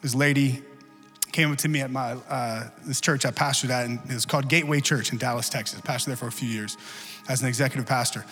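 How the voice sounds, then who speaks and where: A male pastor giving a lively, conversational sermon full of humor in a church. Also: medium pitch, fast, big-room sound, faint music behind. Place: church sanctuary.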